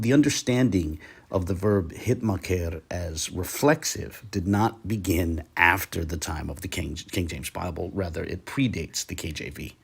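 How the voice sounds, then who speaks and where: A man giving a careful, methodical lecture over a shared screen, pausing often with "uh". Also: deep voice, creaky, a little hiss or hum. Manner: careful, methodical, with frequent "uh" pauses. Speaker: Bible language teacher.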